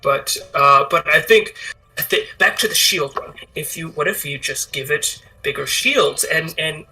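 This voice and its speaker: A man's voice: on the high side, a little slow, pushed and bright. A man playing a tabletop game, talking casually and rambling with many restarts. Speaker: player. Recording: distant mic, faint music behind.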